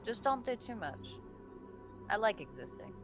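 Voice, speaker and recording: Casting: woman as a mellow talking houseplant, relaxed and unbothered, music underneath. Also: on the high side, normal speed. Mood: easygoing. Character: laid-back talking potted plant.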